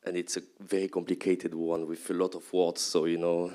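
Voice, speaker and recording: A man's voice: deep voice, flat delivery, moderate pace, warm tone. A man with a French accent, from France, asking a hesitant, apologetic question from the floor. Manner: apologetic, hesitant, self-deprecating. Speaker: audience questioner.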